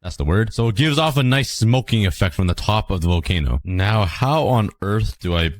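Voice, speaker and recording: A hoarse young man with a sore throat, chatting excitably and laughing easily as he comments on his own gameplay. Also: on the low side, moderate pace, dry recording, studio quality. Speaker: gaming channel host.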